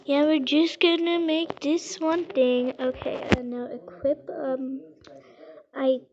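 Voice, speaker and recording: A woman chatting casually over gameplay, rambling and halting with lots of fillers. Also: sits high, flat delivery, a little mellow, highs cut off, a little hiss or hum. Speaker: game vlogger.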